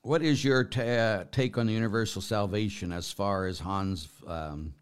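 A man's voice: fairly low pitch, measured pace, clean tone. A middle-aged man, a priest hosting a live stream and answering chat comments in a rambling, self-deprecating way. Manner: warm, rambling, self-deprecating, with frequent fillers.

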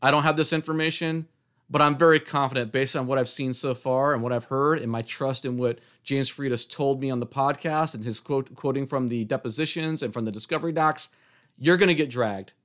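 A man's voice: medium pitch, a little fast, fairly bright tone. A middle-aged man hosting a solo podcast, taunting and challenging his listeners in a combative monologue. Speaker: podcast host.

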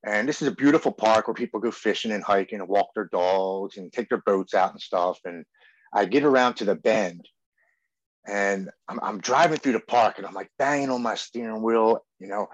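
Earnest low-voiced man telling his story. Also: normal speed, no echo. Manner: earnest storytelling, acting out his own and others' words. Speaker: podcast guest. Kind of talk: personal recovery story. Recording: dull, muffled podcast audio.

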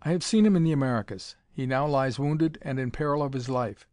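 A man's voice: medium pitch, brisk, a little mellow, no room sound, clean studio sound, lightly acted. A man doing a hot-headed young hero. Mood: defiant. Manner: defiant, fiery.

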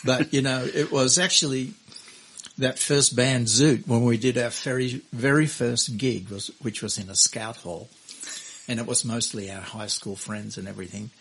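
An older man, telling stories from his music life as a podcast guest, reflective and given to soft laughs. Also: medium pitch, fairly even intonation, normal speed, breathy edge, rough recording. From Australia. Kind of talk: storytelling interview.

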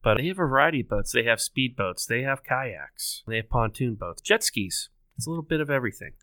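A man who is a guest on a casual podcast, patiently explaining details. His voice is smooth and bright, recorded close and dry. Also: medium pitch, animated, fairly quick, no echo. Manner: explanatory, informative.

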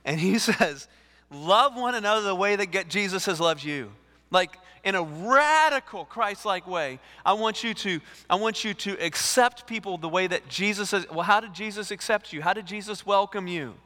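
Guy preaching, animated, keeps repeating himself, long hall echo. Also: sits high, moderate pace. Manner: animated, repeats words, acts out dialogue. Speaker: lead pastor. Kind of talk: sermon. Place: church sanctuary. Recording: reverberant church hall.

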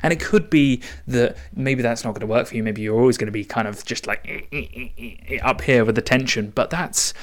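A young man hosting a solo podcast. He talks casually in a rambling way, restarting often, with an excited edge. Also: medium pitch, a little fast, few pauses. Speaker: podcast host.

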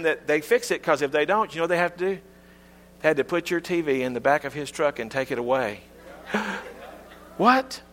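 Folksy preacher, middle-aged man. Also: in a large hall. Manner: folksy, humorous storytelling with lively pitch swings. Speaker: pastor. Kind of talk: sermon.

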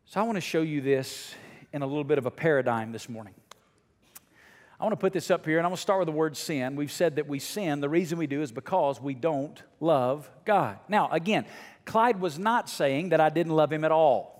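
A middle-aged male pastor preaching a sermon to his congregation, dropping to a hush and then rising almost to a shout. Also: fairly high pitch, brisk, long reverb tail. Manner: swings from hushed to near shouting. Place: church sanctuary.

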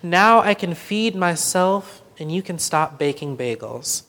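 A storyteller reading a picture book aloud, voicing a poor, hungry, grateful man who speaks softly through tears. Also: medium pitch, expressive, measured pace. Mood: tearful. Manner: soft, tearful, quiet.

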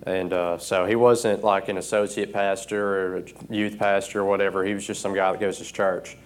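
A man preaching an informal sermon from a church stage, emotional and earnest, often pausing with fillers. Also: low voice, little pitch movement. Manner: earnest, halting with frequent fillers.

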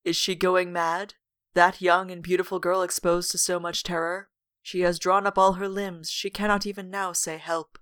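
A woman's voice: lowish voice, flat delivery, normal speed, fairly bright tone, smooth. A woman co-hosting a podcast, reading a gothic novel aloud with dramatic weight and breaking in with wry jokes. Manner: dramatic read-aloud broken by wry asides.

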